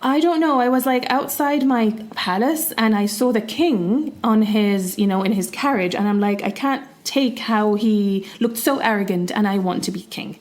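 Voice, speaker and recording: A woman's voice: mid-range voice, moderate pace, few pauses, a little mellow, lightly acted. A woman voicing a greedy, demanding fisherman's wife while retelling a children's story in a podcast chat.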